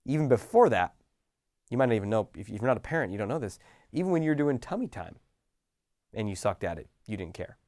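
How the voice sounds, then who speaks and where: Middle-aged male coach, casual and animated, lively pitch, dry close sound. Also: fast talker, no room sound. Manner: casual and animated, acting out little scenes with sighs and laughs. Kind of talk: motivational talk to camera.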